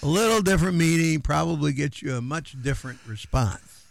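A man's voice: on the high side, fairly quick, creaky, no echo. A middle-aged man co-hosting a radio show in loose, rambling casual chat with many fillers. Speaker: radio co-host.

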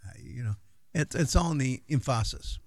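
A man's voice: mid-range voice, expressive, normal speed, a little mellow, no echo. A middle-aged man co-hosting a radio show in loose, rambling casual chat with many fillers. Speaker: radio co-host.

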